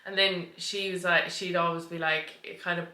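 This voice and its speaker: A woman's voice: on the low side, flat delivery, moderate pace, sharp tone. A young woman co-hosting a podcast, telling a personal story in casual chat and laughing often. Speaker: podcast co-host. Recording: echoey room.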